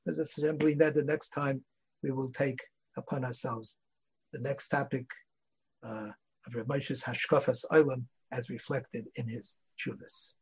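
A man's voice: medium pitch, fairly even intonation, moderate pace. An older man, a rabbi giving a Torah class, telling stories and mixing Yiddish and Hebrew words into his English. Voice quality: gravelly, husky. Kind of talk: Torah lecture with anecdotes. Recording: dull lo-fi lecture recording.

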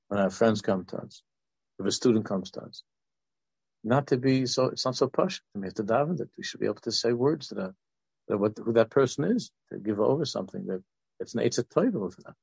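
A man's voice: on the low side, a little fast, vocal fry, darkish tone, slightly rough, dry recording, highs cut off. A man in his sixties, a religious teacher and counselor, giving an informal Torah talk that rambles through restarts and asides.

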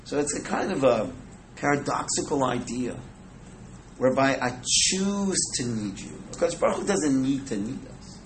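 A man leads an informal Torah class for a live audience, chatting, joking with listeners and sprinkling in Hebrew and Yiddish words. His mid-range voice is expressive and moderately paced. The low-quality recording carries slight background noise.

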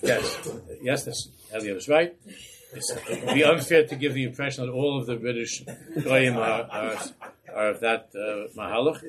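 A man's voice: medium pitch, normal speed, crowd noise. A man, a rabbi, teaching a Torah class in a passionate, rhetorical way. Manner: impassioned, rhetorical.

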